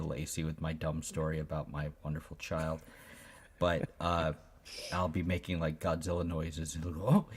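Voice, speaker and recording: A man's voice: sits low, slightly rough. A man chatting casually on a video call, wry and jokey. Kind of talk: casual chat.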